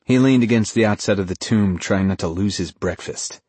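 Low, husky male audiobook narrator. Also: darkish tone, dry recording. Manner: measured storytelling. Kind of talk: scripted narration.

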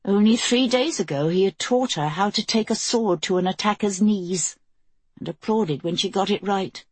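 A woman reading a novel aloud as an audiobook narrator, in measured, even storytelling. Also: medium pitch, breathy edge, dry recording. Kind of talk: scripted narration.

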